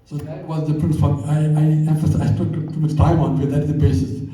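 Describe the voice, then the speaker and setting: A man's voice: on the high side, flat delivery, dark tone, recorded from a distance. Older man lecturing in an echoey hall. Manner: storytelling, unhurried and reflective. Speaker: speaker. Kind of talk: talk to a live audience.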